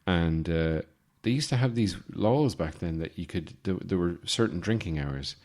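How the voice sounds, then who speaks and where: Speaking at normal speed in a low voice, a forties-aged man from Ireland hosts a podcast. His humor is deadpan, and his monologue wanders, littered with fillers and false starts.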